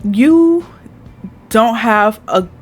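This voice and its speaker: A woman voicing a gruff, flirty tall man who talks bluntly with a drawl and tries out an accent. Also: fairly high pitch, lively intonation, drawn-out words, soft background music, heavily acted. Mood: pushy.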